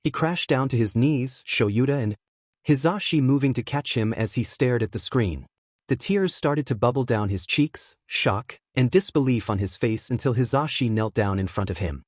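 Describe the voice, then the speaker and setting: A man's voice: medium pitch, moderate pace, no room sound. Man narrating fan fiction, dry sound. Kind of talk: fan fiction audiobook reading.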